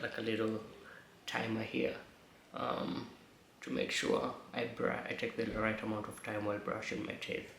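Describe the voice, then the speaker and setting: Slow, gravelly man with a braces lisp. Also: fairly low pitch, fairly bright tone, a little hiss or hum. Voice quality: slight lisp from new braces. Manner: chatty, rambling, swears casually. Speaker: vlogger. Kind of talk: casual storytelling vlog. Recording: echoey room.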